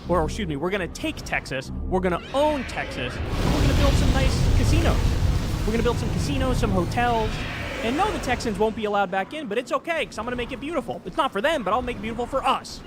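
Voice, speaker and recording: A man plays a boastful male head of state who brushes everything off in a high, breezy voice. Loud music runs under every word he speaks. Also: expressive, fast talker. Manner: bragging, breezy.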